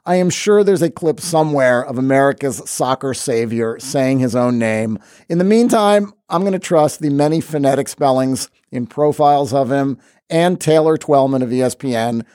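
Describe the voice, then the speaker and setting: A man's voice: a little high, darkish tone, no echo, clean studio sound. A man hosting a sports podcast, talking with playful sarcasm. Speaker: podcast host. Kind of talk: wry sports podcast commentary.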